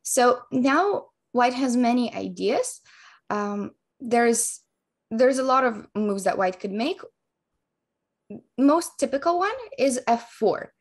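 A woman chess coach calmly and methodically explaining a chess opening, move by move. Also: on the high side, takes it slowly. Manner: calm, methodical explanation of moves.

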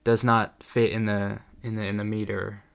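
A young man giving casual commentary, sarcastic and critical, with quick asides. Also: on the low side, level tone, gravelly, clear, resonant tone. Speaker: YouTuber. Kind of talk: casual commentary on song lyrics.

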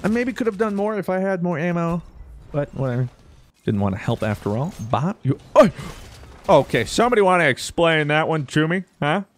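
A young man giving jokey, excitable commentary over his own gameplay, breaking into sudden loud outbursts. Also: on the high side, moderate pace, a little hiss or hum. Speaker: gaming YouTuber.

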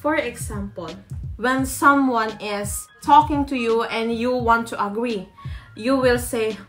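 A woman's voice: on the high side, fairly even intonation, a little slow, a bit bright, faint music behind. A woman, giving a language tutorial to camera and explaining her tips step by step. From Philippines. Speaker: language teacher.

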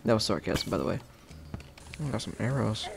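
A man casually narrating his own gameplay as the host of a game video, chatty and playful, with sudden excited shouts. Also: fairly low pitch, a little fast, creaky.

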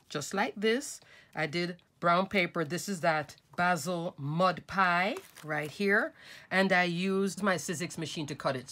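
A woman's voice: on the low side, fairly bright tone. A middle-aged woman, nasal from a cold, chatting her way through a step-by-step craft tutorial at her desk and talking to viewers as folks and crafters.

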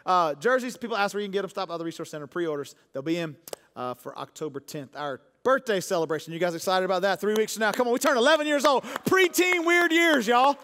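A man's voice: high-pitched, lively intonation, fast talker, a bit bright. A man preaching a sermon, telling stories and joking with the congregation. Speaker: pastor. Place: church auditorium. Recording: long church hall reverb.

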